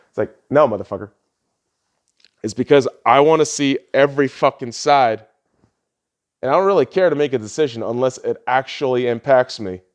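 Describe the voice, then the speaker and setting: A man hosting a podcast, ranting heatedly and swearing often, his voice lurching between loud outbursts and low mutters. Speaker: podcast host. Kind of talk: ranting political commentary.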